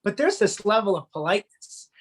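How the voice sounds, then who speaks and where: Animated Canadian man on a video call. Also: high voice, a little fast, slightly rough. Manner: animated storyteller, acts out quotes. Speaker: country singer, interview guest. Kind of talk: casual video-call interview.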